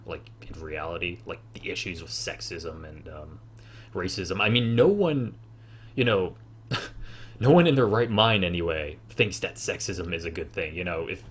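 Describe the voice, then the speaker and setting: A man in a casual online group discussion, speaking haltingly with fillers. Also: low voice, a bit bright.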